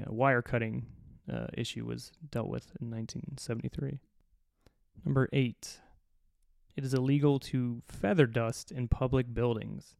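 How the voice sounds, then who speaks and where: Male podcast host, gravelly and deadpan-sarcastic, swearing freely while reading a list, recorded dry. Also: mid-range voice, no echo. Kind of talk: solo comedic podcast rant.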